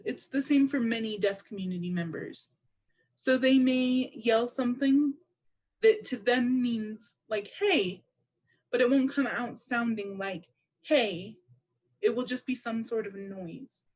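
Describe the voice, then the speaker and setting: A woman interpreting aloud for a deaf presenter at a public seminar, speaking in a measured, explanatory way. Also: a little high, a little mellow. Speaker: sign language interpreter voicing a deaf presenter.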